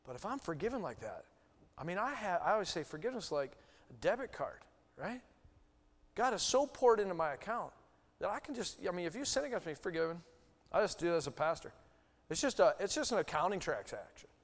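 A male pastor preaching a sermon, swinging from loud bursts to hushed asides. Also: high-pitched, sing-song, brisk. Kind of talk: sermon teaching. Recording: long hall reverb.

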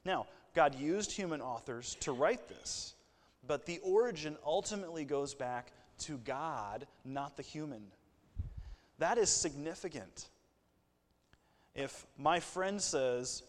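A man's voice: mid-range voice, lively intonation, a little slow, big-room sound. A man preaching a sermon in a conversational way, with asides and light jokes. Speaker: pastor.

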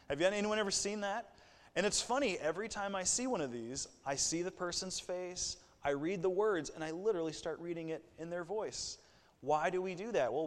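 A male pastor preaches a sermon, joking and stepping into casual asides. His voice sits a little high. The sound rings with a long hall reverb. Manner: conversational preaching with asides and jokes.

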